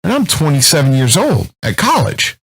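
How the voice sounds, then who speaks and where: Husky, lively-voiced man in his thirties. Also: a little high, normal speed, low-quality recording. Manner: profane, animated storyteller. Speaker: co-host. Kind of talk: casual podcast chat.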